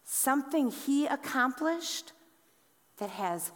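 A young adult woman preaching a sermon, slow and deliberate, letting her voice drop quietly on key words. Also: high-pitched, expressive. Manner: slow, deliberate delivery with dramatic drops in volume. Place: church sanctuary. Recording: long reverb in a large hall.

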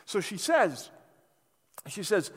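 A man preaching a sermon, telling a scripture story in an animated, conversational way. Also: sits high, slow pace, husky. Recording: reverberant hall.

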